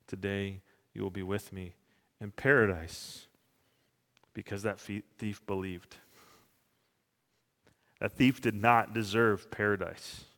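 A man's voice: on the low side, gravelly, a bit bright. A middle-aged man preaching a sermon in an earnest, fervent way. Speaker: pastor. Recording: reverberant hall.

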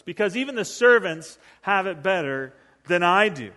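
A man's voice: high-pitched, animated, normal speed, sharp tone, in a large hall. A male pastor giving a conversational sermon, acting out the voices of the people he quotes.

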